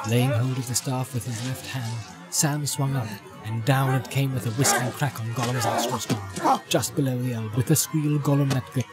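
A man reading a fantasy story aloud in a measured, dramatic narration style. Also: medium pitch. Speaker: audiobook narrator. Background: music.

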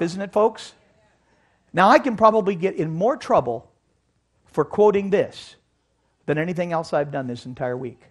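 A man giving an animated sermon-style Bible lecture, asking his audience rhetorical questions. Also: high-pitched. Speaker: Bible teacher.

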